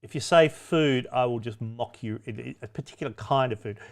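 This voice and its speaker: A man's voice: mid-range voice, moderate pace, darkish tone. A man hosting a pub quiz, reading out questions with wry, cheeky asides and chatty self-corrections. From Australia. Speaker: quiz host.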